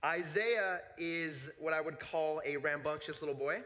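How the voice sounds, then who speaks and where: A man's voice: on the high side, unhurried, bright, forceful tone. A man in his thirties, a young adults pastor, preaching casually and telling stories to a church group. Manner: casual, storytelling, acts out voices in quotes. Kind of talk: sermon with personal stories. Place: church hall. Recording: long hall reverb.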